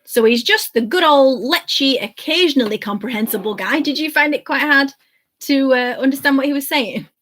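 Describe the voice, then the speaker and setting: A woman's voice: high-pitched, moderate pace, fairly bright tone. A woman co-hosting a live watch-along show, giggly and sarcastic while reading out comments. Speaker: co-host.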